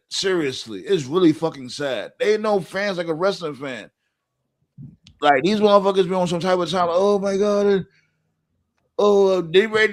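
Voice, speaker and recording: A man's voice: high-pitched, a bit bright. A man co-hosting a casual podcast, ranting profanely with heavy slang. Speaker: podcast co-host. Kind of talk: casual chat.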